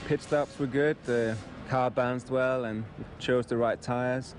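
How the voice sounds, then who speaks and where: A man's voice: medium pitch, slow, close to an everyday voice. A man playing a modest winning racing driver. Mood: pleased. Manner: calm, easy post-race interview talk.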